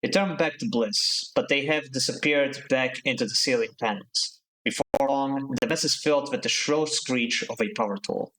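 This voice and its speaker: A man streaming a story game, reading the narration aloud and adding relaxed, joking asides. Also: medium pitch, moderate pace, hardly any pauses, low-quality recording.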